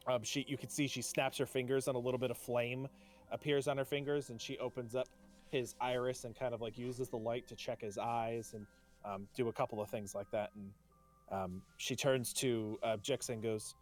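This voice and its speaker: A man running a tabletop game as game master, describing scenes with many ums and pauses. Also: medium pitch, level tone, faint music behind. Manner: hesitant, many fillers.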